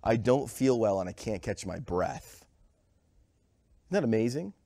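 A man's voice: medium pitch, a little mellow, dry recording, studio quality. A man giving a conversational sermon with a cold, quizzing the congregation and sometimes short of breath. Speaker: pastor. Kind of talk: sermon with audience questions. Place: church sanctuary.

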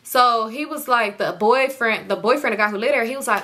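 A young woman telling a casual story to camera, animated, swearing freely and jumping into the voices of the people in it. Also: a little high, fairly quick. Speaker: storytime vlogger.

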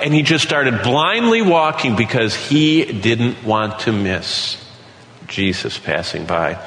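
Man preacher, middle-aged, bright forceful voice, animated question-and-answer delivery, echoey hall with long reverb. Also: medium pitch. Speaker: Bible teacher. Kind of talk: sermon.

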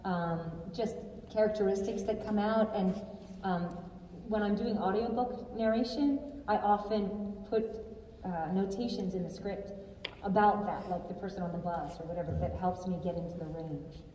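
A woman's voice: mid-range voice, steady tone, normal speed, mellow, a little hiss or hum. Thoughtful woman audiobook narrator. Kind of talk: convention panel Q&A. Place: large convention hall. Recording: echoey convention hall from far off.

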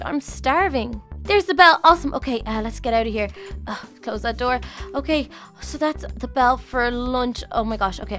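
Gushing exclamations fill this game roleplay, in which a channel host gives her high, slightly bright voice to an eager, nervous young schoolgirl chatting to herself.

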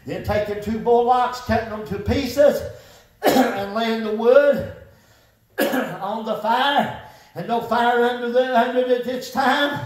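An older man preaching a sermon, shouting and chanting with sung phrases and occasional coughs. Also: very high-pitched, slow pace. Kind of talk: Pentecostal-style preaching sermon. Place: church. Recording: echoey church hall, mic far off.

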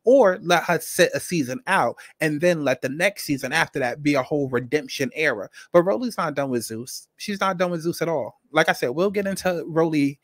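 A man's voice: fairly high pitch, a little fast, few pauses, dry recording. Blunt male commentary host, dry sound. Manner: blunt, talks straight to viewers. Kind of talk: casual commentary.

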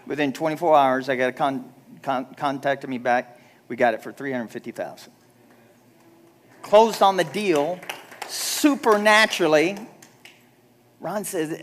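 A middle-aged man, a pastor, preaching a chatty, self-deprecating sermon and acting out the dialogue in his stories. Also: high-pitched. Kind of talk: sermon with storytelling. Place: church sanctuary.

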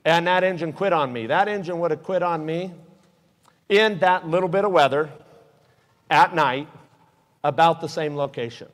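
A man's voice: on the high side, moderate pace, pauses often, fairly bright tone. A man giving an earnest, emotional aviation safety talk to a live audience, telling stories. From Utah. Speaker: guest speaker. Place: hangar event space. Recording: echoey hall with long reverb.

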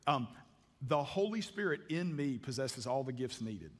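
A man's voice: medium pitch, lively intonation, moderate pace. A man preaching a sermon as pastor, folksy and emphatic, with frequent restarts and dropped grammar. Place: church sanctuary. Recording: long reverb of a church hall.

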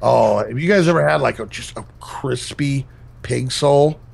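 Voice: medium pitch, measured pace, vocal fry, a little mellow, slight background noise. A gamer joking around and leading tasks in casual chat with friends. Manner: joking, puts on silly twangs. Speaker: let's play gamer.

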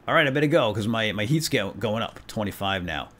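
An excitable man gives gameplay commentary, his pitch leaping up and down all the time. He jokes around and reads the on-screen text aloud as he plays. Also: a little fast. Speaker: let's play host.

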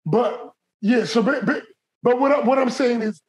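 A podcast co-host in casual chat, talking in an animated way with many restarts. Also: medium pitch, moderate pace, rough recording.

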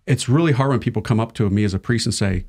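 A man's voice: mid-range voice, fast, darkish tone. Chatty, self-deprecating male priest. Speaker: Catholic priest. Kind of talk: casual conversation.

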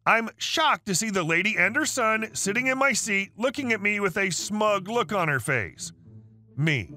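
A male synthetic-sounding voice reading online stories aloud in an even manner, speaking the dialogue tags out loud. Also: high voice, normal speed, faint music behind. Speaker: story narrator.

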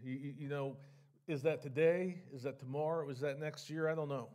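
A male pastor delivering a sermon in a fairly high voice for a man. His preaching is earnest and conversational, full of repeated words and restarted sentences. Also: steady tone, moderate pace, a little mellow. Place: church sanctuary.

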